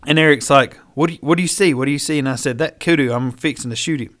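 Talking fast in a slightly high voice, a man spins an animated, foul-mouthed hunting tale, voicing the dialogue of each person in it.

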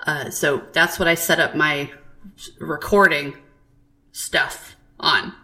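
A woman co-hosting a podcast, chatting casually and telling stories in an animated, profane way. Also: deep voice, slow pace. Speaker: podcast co-host. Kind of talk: casual chat.

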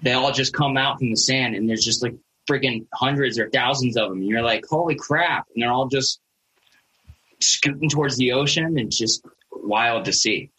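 A man's voice: mid-range voice, moderate pace, sharp tone, breathy edge, low-quality recording. A man, a father and podcast co-host, chatting in a laid-back way with lots of fillers. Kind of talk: casual chat.

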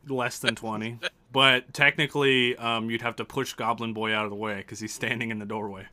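A man's voice: medium pitch, level tone, brisk, sharp tone. A man narrating a tabletop game as game master, loose and laughing, with casual swearing.

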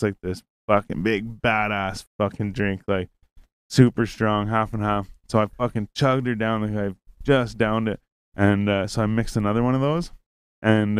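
Young man, low voice, dry close sound; casual, profane storyteller who rambles. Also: smooth, no echo. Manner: rambling, profane, acts out quoted lines.

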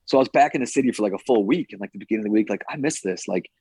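A man's voice: lowish voice, racing, mellow, husky, dry recording. A man who trains fighters, chatting casually on a podcast, rambling and swearing now and then with lots of "like" and "you know".

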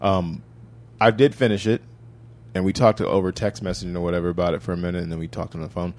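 Male podcast co-host, low voice, animated profane storyteller, casual gaming talk. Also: quick pace.

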